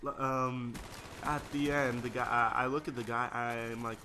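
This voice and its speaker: A young American man, a gaming video creator, rambles through casual gameplay commentary and stories in a medium-pitched, steady voice at a moderate pace. He's slangy and easily sidetracked, and there's background noise.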